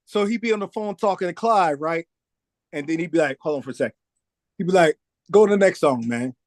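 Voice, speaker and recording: A man's voice: on the high side, brisk, dry recording, studio quality. A man telling a long story in a casual interview, acting out the voices of the people in it and saying "man" often. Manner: animated storyteller, acts out quoted voices, says "man" a lot. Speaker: record producer guest.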